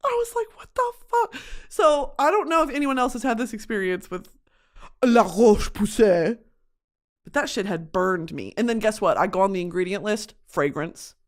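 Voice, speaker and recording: A woman's voice: medium pitch, animated, moderate pace. A young woman vlogging in a casual confessional rant, profane and dramatic, breaking into shrieks and comic voices.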